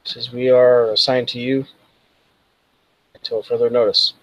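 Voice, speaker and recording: A man's voice: medium pitch, flat delivery, measured pace, dry recording, dull audio. A man narrating as game master, loosely and with many fillers. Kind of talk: narrating a tabletop role-playing game.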